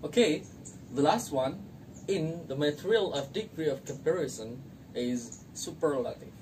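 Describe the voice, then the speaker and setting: Slow young speaker from Indonesia teaching. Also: mid-range voice, animated, darkish tone. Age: young adult. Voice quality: non-native English grammar. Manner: slow, repeating each example word. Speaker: student teacher. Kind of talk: classroom grammar lesson. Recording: distant mic, faint noise.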